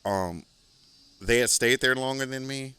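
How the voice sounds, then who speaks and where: A man's voice: medium pitch, unhurried, bright, forceful tone, clear, resonant tone, no room sound. A man hosting a podcast, telling a rambling, profane story in a casual solo monologue. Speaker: podcast host.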